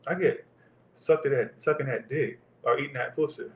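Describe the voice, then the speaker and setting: A man's voice: mid-range voice, steady tone, moderate pace. A man doing a live tarot reading, talking in crude, profane, joking banter. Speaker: tarot reader. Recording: roomy echo.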